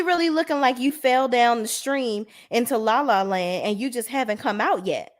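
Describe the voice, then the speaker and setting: A woman reviewing a reality TV show in casual video commentary, blunt, sassy and full of swearing. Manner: animated, swings between high exclamations and low asides.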